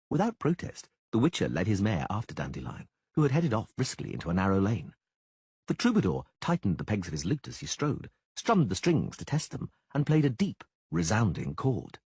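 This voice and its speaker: A man narrating a fantasy audiobook in an expressive storytelling manner. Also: lowish voice, a little fast, husky, no room sound. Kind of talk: scripted narration.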